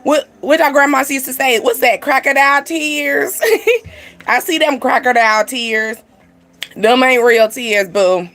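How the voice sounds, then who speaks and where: A woman's voice: on the high side, unhurried, a bit bright. A young woman giving a casual spiritual card reading to camera, rambling and chatty, full of "like" and "you know". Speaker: tarot card reader.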